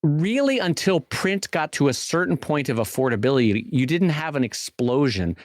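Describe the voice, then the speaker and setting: A man with a fairly high, very lively voice co-hosts a podcast in relaxed conversation. He is an animated storyteller who acts out the people he quotes. The recording is close and dry, with no room sound. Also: normal speed, no room sound. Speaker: podcast co-host. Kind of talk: casual podcast chat.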